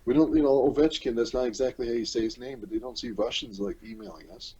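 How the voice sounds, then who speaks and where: A man's voice: medium pitch, quick pace, warm tone, slightly rough. A tired man from Canada, talking bluntly and profanely as a podcast guest over the phone. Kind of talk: casual ranting chat. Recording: muffled phone line.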